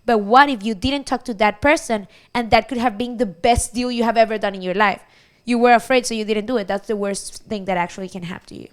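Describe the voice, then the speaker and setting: Woman panelist, high smooth voice, animated live storytelling. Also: quick pace. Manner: animated, acts out quotes. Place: event hall.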